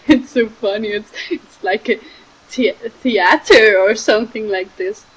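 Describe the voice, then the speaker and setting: A young woman, giving a gentle, halting spiritual talk that often trails off softly. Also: a little high, husky, dull audio. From Switzerland. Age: 20s. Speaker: spiritual speaker.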